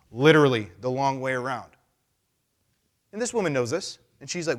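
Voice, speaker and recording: A male pastor giving a casual, animated sermon, acting out voices as he goes. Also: mid-range voice, normal speed, long pauses. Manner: animated, conversational, acts out voices.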